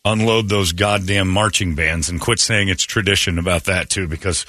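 A man's voice: sits low, fairly even intonation, moderate pace, very noisy. A man hosting a morning radio show, ranting with sarcastic, opinionated jabs. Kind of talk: casual morning radio rant.

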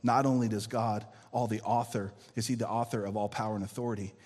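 A male pastor preaching a sermon to his church, shifting between loud emphatic lines and quiet intense ones and calling out for amens. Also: lowish voice, steady tone, fast talker, long reverb tail. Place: church sanctuary.

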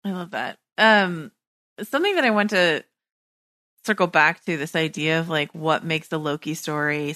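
Low-voiced woman host, dry close sound. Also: bright, forceful tone, dry recording. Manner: enthusiastic, searching for words with many likes and ums. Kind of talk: casual podcast conversation.

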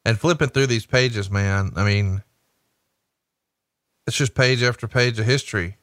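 A man's voice: mid-range voice, measured pace, fairly bright tone, no room sound, studio quality. A man hosting a casual podcast, enthusiastic and full of "like" and "I mean". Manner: enthusiastic, listing things, filler "like".

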